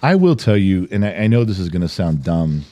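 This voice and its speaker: A man's voice: sits low, very animated, fairly quick, dark tone. An older man co-hosting a podcast in casual chat, ranting and swearing freely. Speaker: podcast co-host.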